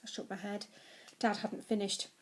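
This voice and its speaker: A woman teacher reading a children's novel aloud to her class, telling it in a lively way. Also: medium pitch, moderate pace.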